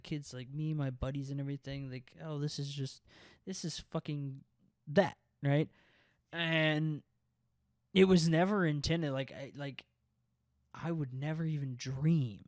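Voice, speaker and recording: A man's voice: a little high, no echo. Rambling young man, dry close voice. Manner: profane, rambling, filler-heavy with constant "like" and "right?". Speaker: podcast co-host. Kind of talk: casual podcast chat.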